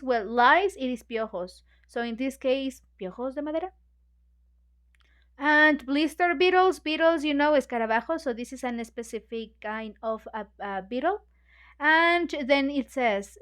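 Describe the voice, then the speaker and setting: High-voiced woman teaching a book club. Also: measured pace, a bit bright. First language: Spanish. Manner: chatty, many fillers, acts out characters' lines. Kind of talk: explaining a novel to English learners.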